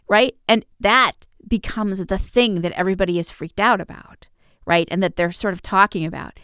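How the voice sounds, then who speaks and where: A woman hosting a podcast, telling personal stories in a calm, wry, self-deprecating way with soft laughs, close on a mic. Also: mid-range voice, clean tone, no room sound. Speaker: podcast host. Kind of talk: casual personal storytelling.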